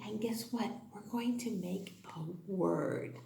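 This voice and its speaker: Unhurried, medium-pitched and with vocal fry, a kindergarten teacher delivers a sing-song online phonics lesson to young children. Gasps and excited exclamations pepper her speech, and the room echoes.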